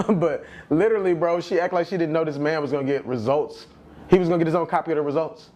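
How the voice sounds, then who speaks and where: A man's voice: on the high side, fast talker, a little mellow. A man hosting a show who reacts to clips in casual talk, laughing often and calling out to listeners as fellas.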